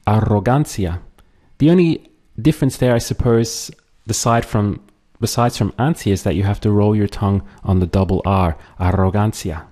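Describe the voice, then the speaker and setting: A man teaching a language lesson, patiently drilling words and pausing for the listener to repeat them. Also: lowish voice, mellow. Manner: slow, patient, drills words and pauses for repetition.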